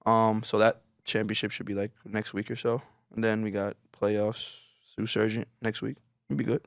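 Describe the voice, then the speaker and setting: A man's voice: on the low side, flat delivery, normal speed, vocal fry, no echo. A young man co-hosting a casual podcast. He talks emphatically and hypes everything up, often cutting in on the others. His voice sounds dry and close. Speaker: podcast co-host.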